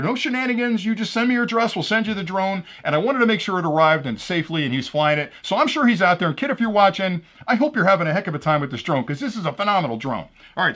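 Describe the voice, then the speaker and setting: A man's voice: a little high, fairly bright tone. A man hosting his own channel, casually announcing giveaway winners and telling jokes he laughs at himself. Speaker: drone channel host.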